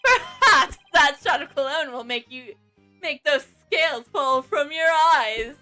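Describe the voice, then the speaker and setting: A woman putting on a vain designer man who preens over every word. His voice rides high and swoops, sharp and bright, and soft game music hums beneath. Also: expressive, measured pace, exaggerated voice. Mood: haughty. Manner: pompous, theatrical, self-admiring. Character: flamboyant vain male fashion designer.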